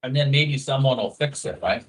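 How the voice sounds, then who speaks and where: A man telling a story in casual chat, animated and profane, slipping into quoted voices. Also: mid-range voice, normal speed. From a foreigner living in Thailand.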